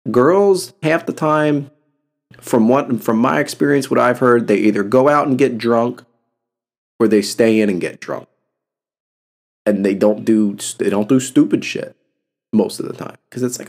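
Gravelly-voiced man venting on a podcast. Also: medium pitch, moderate pace, a little mellow. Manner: blunt, heavy cursing, impassioned. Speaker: podcast host. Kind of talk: casual solo podcast talk.

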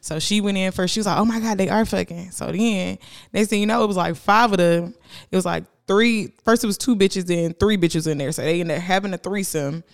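A young woman trades stories on a casual podcast, her voice smooth and clear. She tells them in an animated way, jumping up in pitch to act out her friends, and laughs often. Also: a little fast. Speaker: podcast co-host. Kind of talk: casual explicit chat.

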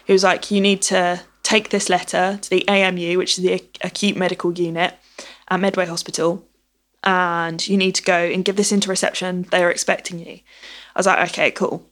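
A woman's voice: on the low side, flat delivery, a little fast, fairly bright tone. A woman telling a personal story in casual conversation, acting out the dialogue as she goes. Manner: chatty, acts out dialogue with "I was like".

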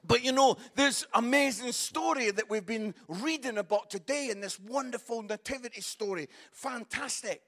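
A man preaching as a guest speaker in a church, telling stories with lively animation and sudden shouted bursts. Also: very high voice, moderate pace, few pauses. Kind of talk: storytelling sermon.

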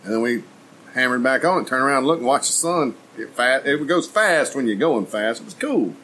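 A man's voice: medium pitch, lively intonation, fairly quick, bright, forceful tone, poor audio. Laughing man telling stories. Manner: laughing storyteller, graphic and joking. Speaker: podcast co-host. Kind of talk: casual chat.

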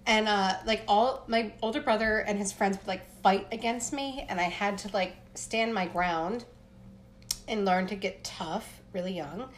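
A woman from Pennsylvania co-hosting a podcast, telling a story in a casual, animated way with lots of "like" fillers and voices for the people in it. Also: medium pitch, measured pace, slight background noise. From Appalachian Pennsylvania. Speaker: podcast co-host.

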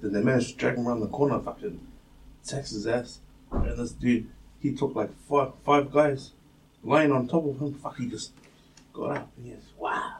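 An animated New man telling stories on a casual podcast, swearing freely and acting out quotes. He sits back from the mic, with a faint hum of the room around him. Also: mid-range voice, moderate pace, far from the mic. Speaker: podcast co-host. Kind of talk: casual chat, storytelling.

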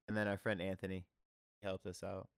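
Band guy on a podcast, low-ish voice, dry sound, rambly and laughing a lot. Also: level tone, normal speed, creaky, clear, resonant tone, dry recording. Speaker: band member guest. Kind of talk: casual podcast chat.

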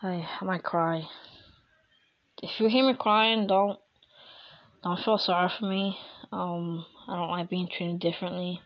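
A woman talking to her podcast listeners in a halting, emotional way, with many fillers and restarts. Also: lowish voice, fairly even intonation, highs cut off. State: crying. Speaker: podcast host. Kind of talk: personal podcast monologue.

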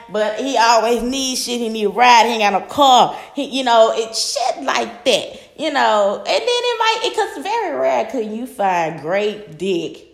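A woman's voice: on the high side, sing-song, measured pace, vocal fry, few pauses, reverberant. A woman hosting her own podcast in casual solo chat, talking bluntly with lots of profanity, rambling and restarting her sentences. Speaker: podcast host.

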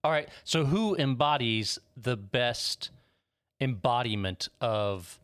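A man who delivers deadpan one-liners in a casual chat, with his pitch bouncing around a lot. He adds short, dry jokes on top of the others' riffs. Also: slow pace. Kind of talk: casual comedic banter.

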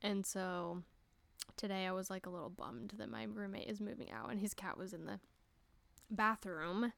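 A woman's voice: medium pitch, gravelly, a bit bright, dry recording. Giggly young woman hosting a podcast. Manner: chatty and giggly, swearing, breaking into quick voices. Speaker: podcast host. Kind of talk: casual solo podcast chat.

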